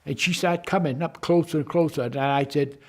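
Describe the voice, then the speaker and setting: A man in his nineties, a war veteran recalling his memories to the camera in a halting way, often repeating and restarting his words. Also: fairly high pitch, steady tone, darkish tone. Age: 90s.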